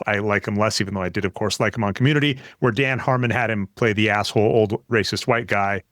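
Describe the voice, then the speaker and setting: A man's voice: fairly low pitch, a bit bright, no echo, studio quality. A man co-hosting a podcast, chatting casually and rambling through self-deprecating tangents. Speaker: podcast co-host.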